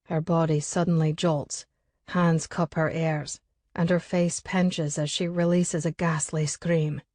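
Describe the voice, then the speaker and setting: A woman's voice: low-pitched, flat delivery, slow pace, a little mellow, dry recording. A woman narrating a first-person audiobook chapter with an urgent, coarse inner voice.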